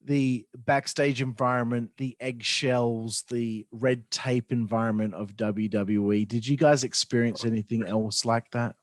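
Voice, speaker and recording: A man's voice: mid-range voice, fairly even intonation, measured pace, few pauses, dry recording, clean studio sound. A male podcast host talking through wrestling topics in a loose, conversational way, with many fillers. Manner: conversational, with frequent "uh" and "like". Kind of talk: interview conversation.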